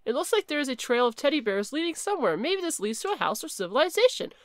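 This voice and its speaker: A woman giving chatty, excitable commentary while playing a horror game and reading its text aloud. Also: sits high, fast talker, dry recording, clean studio sound. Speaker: gaming video creator.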